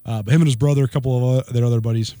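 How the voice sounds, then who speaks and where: A man co-hosting talk radio, telling a story in a relaxed, lively way. His voice sits in the middle range. The studio sound is dry, with no echo. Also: medium pitch, very fast. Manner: laughing, lively anecdote telling with quoted voices. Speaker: radio co-host. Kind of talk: casual storytelling chat. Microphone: studio microphone.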